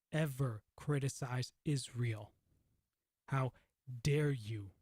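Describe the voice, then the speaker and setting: A man's voice: fairly high pitch, darkish tone, no room sound, studio quality. A man ranting sarcastically in a commentary monologue, mocking those he criticizes. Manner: sarcastic, mocks opponents in mimicking voices.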